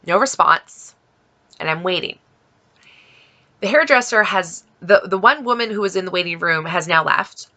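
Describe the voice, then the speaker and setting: A woman vlogger telling a story in a lively way, acting out both sides of a conversation with an exasperated edge. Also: lowish voice. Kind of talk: storytelling vlog.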